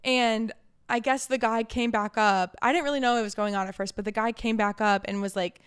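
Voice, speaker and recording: A woman in her twenties co-hosting a podcast, telling a story in casual chat, animated and swearing freely as she acts out what people said. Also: on the high side, fairly quick, smooth. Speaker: podcast co-host.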